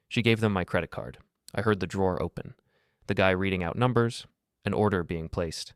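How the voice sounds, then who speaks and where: A middle-aged man narrating a first-person story in a steady, grave, measured way. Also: low voice, smooth, no room sound, studio quality.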